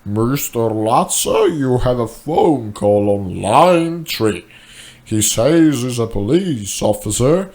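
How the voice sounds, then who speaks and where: A man voicing a meek office assistant who speaks softly and politely. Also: mid-range voice, animated, slow.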